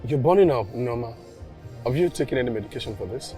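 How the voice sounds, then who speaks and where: A man with a Nigerian accent playing a caring wealthy young man who gently urges her to get help. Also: mid-range voice, expressive, fast, lightly acted. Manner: gentle, earnest urging. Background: film score music.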